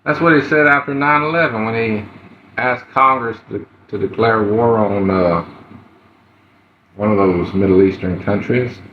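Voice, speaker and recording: A man hosting a live stream, greeting viewers by name in an unhurried way with fillers. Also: on the low side, a little hiss or hum. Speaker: livestream host. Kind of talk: casual live-stream chat. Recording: roomy, dull lo-fi livestream audio.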